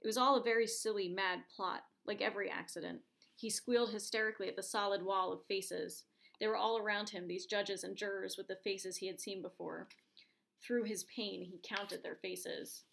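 A woman reading a short story aloud, narrating it at a steady, measured pace and voicing the characters' lines. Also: mid-range voice, creaky.

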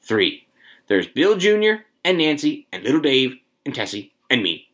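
A man's voice: medium pitch, sing-song, a little slow, voice pushed up. A man doing a weary, resigned family man. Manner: quiet and regretful.

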